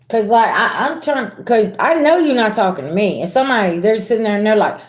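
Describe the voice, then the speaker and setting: A woman's voice: medium pitch, expressive, fast, a little mellow, reverberant. A woman giving a casual tarot reading to her viewers, talking bluntly with sass, slang and swearing. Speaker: tarot reader.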